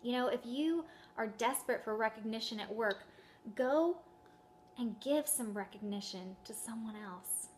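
A woman's voice: a little high, a little slow, darkish tone, a little hiss or hum. A woman giving a casual sermon as a Bible teacher, talking conversationally and often asking the listener questions.

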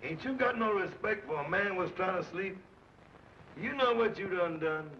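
An actor playing a slow, deadpan roommate who sleepwalks, in a 1940s film comedy. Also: male voice, high voice. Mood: grumbling. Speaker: comic film character. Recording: dull old film soundtrack with faint hiss.

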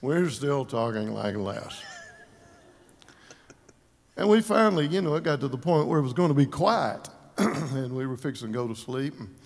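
A man giving an informal eulogy, telling folksy stories with chuckles and throat-clearing. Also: medium pitch, lively intonation, normal speed, pauses often. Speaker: memorial service speaker. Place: large church sanctuary. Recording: long church reverb.

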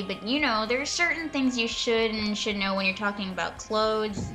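Bright-voiced sarcastic woman reading aloud. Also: medium pitch, moderate pace, faint music behind. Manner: sarcastic, profane, exasperated asides. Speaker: reader and commentator. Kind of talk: reading a fanfiction aloud with mocking commentary.

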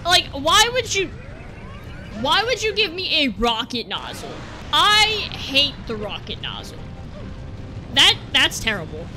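A woman's voice: sits high, sing-song, takes it slowly, slight background noise. Exasperated young woman gaming commentary. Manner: exasperated, shouty outbursts, frequent laughter. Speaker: gaming channel host. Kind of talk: let's play commentary. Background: game music.

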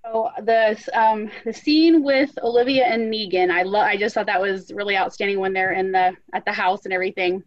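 A woman's voice: medium pitch, fairly quick, few pauses, dry recording. A woman co-host asking a winding two-part question, with "you know" fillers. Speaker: podcast co-host. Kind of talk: interview questions. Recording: dry, dull lo-fi sound.

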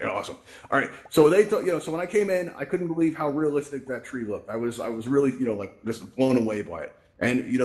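A man hosting a VR event, explaining fixes in a casual, upbeat way and often checking in with "right?", speaking through a headset mic. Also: medium pitch. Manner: chatty, upbeat, keeps asking "right?". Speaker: host and presenter of a VR tech event. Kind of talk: casual spoken tutorial. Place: virtual reality event space. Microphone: VR headset microphone.

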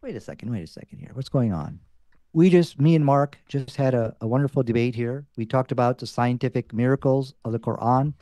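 A man's voice: mid-range voice, animated, brisk, mellow, dry recording, clean studio sound. A man arguing his side in a debate, insistent and repeating his points. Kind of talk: debate argument.

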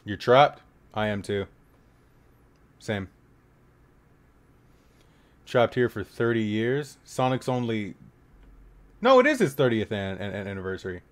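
Man, low voice, very animated pitch, gaming reaction commentary, swears, mutters then yelps. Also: measured pace, pauses often. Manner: jokey and profane, swinging between mumbled asides and sudden yelps. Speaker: YouTuber reacting to a horror game.

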